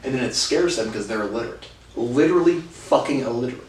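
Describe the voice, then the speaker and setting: A man's voice: medium pitch, expressive. A man angrily ranting through a personal story, swearing constantly and stumbling over restarts. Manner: profane, agitated, heavy swearing; halting restarts. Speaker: vlogger. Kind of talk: storytelling rant. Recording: roomy, distant mic.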